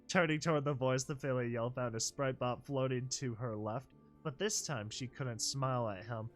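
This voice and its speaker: A man reading a fan fiction story aloud, animated, with joking commentary and chuckles. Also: mid-range voice, normal speed, few pauses, faint music behind. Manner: animated, joking asides, laughs mid-line. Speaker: reader and commentator.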